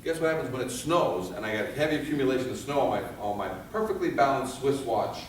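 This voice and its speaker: A man giving a fire safety seminar, animated and firing rhetorical questions at his audience, recorded in a seminar room. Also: medium pitch, fast talker, slight background noise. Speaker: fire escape safety instructor. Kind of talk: seminar lecture. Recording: echoey hall from far off.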